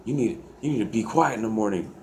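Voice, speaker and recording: A man putting on the voice of a hostile male inmate who shouts cursing threats. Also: on the low side, expressive, fast, slight background noise, voice pushed up, close to an everyday voice.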